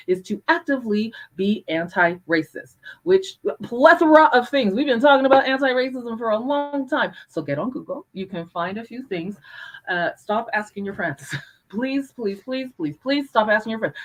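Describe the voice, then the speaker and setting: A woman's voice: on the high side, a bit bright, poor audio. Emphatic woman panelist repeating for stress. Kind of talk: panel discussion.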